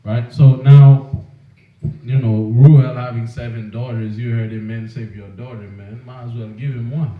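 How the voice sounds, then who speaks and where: A man's voice: mid-range voice, little pitch movement, moderate pace. A man teaching an informal Bible class in a casual, joking, preachy way, often asking the class questions. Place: room with a class. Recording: echoey room over a tinny phone-like line.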